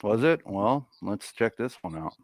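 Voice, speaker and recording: A man hosting a casual livestream chat show in a relaxed way, swearing now and then. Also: on the low side, measured pace. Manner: laid-back, swears casually.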